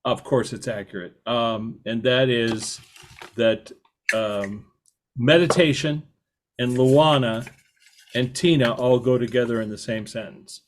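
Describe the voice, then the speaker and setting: A man hosting a podcast interview, talking in a halting way with many fillers and restarts. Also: medium pitch, a little hiss or hum. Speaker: podcast host. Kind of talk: conversational interview.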